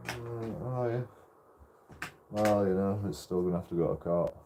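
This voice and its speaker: A man's voice: mid-range voice, normal speed, pauses often, a little mellow, slight background noise. A British man telling stories in a casual, rambling way while streaming a game, swearing often and laughing as he goes. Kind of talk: casual storytelling while gaming.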